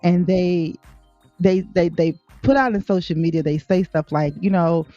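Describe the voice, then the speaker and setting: A woman's voice: on the low side, normal speed, no room sound. A woman co-hosting a casual book podcast, telling stories with exasperation and acting out quotes. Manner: animated, exasperated storyteller, acts out quotes. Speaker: podcast co-host. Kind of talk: casual chat. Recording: dull lo-fi sound with faint music.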